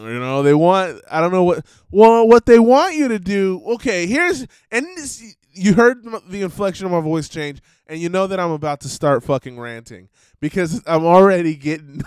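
A high-pitched man talks through a loose podcast rant, stopping and restarting his thoughts and swearing freely. His voice is smooth and unhurried, recorded dry and close. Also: lively intonation, darkish tone, no room sound. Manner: rambling, self-interrupting, profane, mock-voices people. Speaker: podcast host. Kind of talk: casual ranting monologue.

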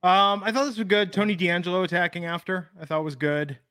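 A man's voice: high voice, fairly quick, pushed and bright, clean tone, no room sound, clean studio sound. A man in his thirties co-hosting a casual podcast, rambling and thinking aloud with fillers. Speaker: podcast co-host. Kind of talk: casual wrestling podcast chat.

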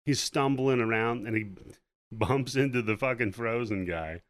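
A man co-hosting a podcast, casually recapping a movie scene by scene, profane and animated, acting out the characters' lines. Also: medium pitch, moderate pace, no room sound. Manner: profane, animated retelling with acted-out quotes. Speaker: podcast co-host.

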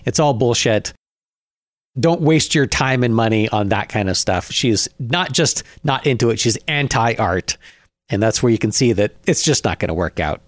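A man co-hosting a casual comedy podcast, wry and quick with story ideas, often restarting his sentences. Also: medium pitch, animated, no echo, studio quality. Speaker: podcast co-host.

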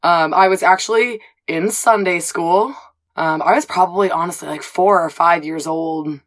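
A woman in her twenties from the southwestern United States, telling candid personal stories as an interview guest, animated, with fillers and playful swearing. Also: fairly low pitch, moderate pace. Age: 20s. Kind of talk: casual storytelling interview.

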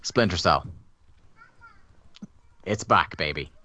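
A man's voice: deep voice, lively intonation, slow pace, pushed and bright, no room sound. A man hosting a casual gaming podcast, calling on the others and giving dry predictions. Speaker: podcast host.

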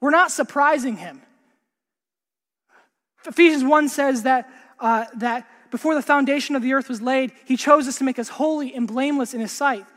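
A man's voice: very high-pitched, moderate pace. Earnest preacher man in a reverberant hall. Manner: earnest, repeats words, drops to a hush for emphasis. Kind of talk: sermon.

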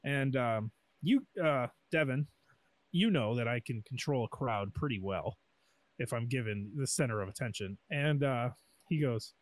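A man, co-hosting a podcast and telling a lively, jokey story in casual chat, acting out quotes. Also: mid-range voice, moderate pace. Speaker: podcast co-host.

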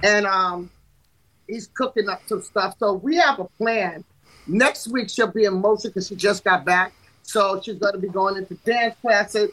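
Middle-aged woman manager, really bright forceful voice, keeps hammering her point, podcast studio chat. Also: medium pitch, moderate pace, poor audio. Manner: emphatic, repeats herself for stress. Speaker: artist manager and guest. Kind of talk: casual podcast conversation.

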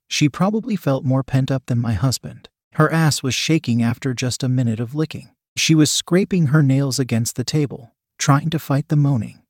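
Guy reading a story out loud, steady and even, mid voice, dry close mic. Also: mid-range voice, no echo. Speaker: story reader. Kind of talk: scripted story narration.

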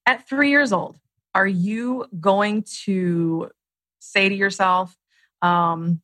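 A woman's voice: mid-range voice, unhurried, a bit bright, no echo. A woman in her late thirties, a guest author and coach, explaining her ideas in a podcast interview and acting out inner voices with animation. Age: late 30s.

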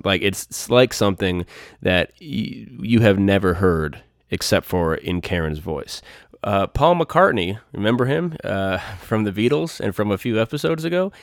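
A man's voice: fairly low pitch, no room sound, clean studio sound. A man hosting a solo music podcast, talking enthusiastically and in superlatives. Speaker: podcast host.

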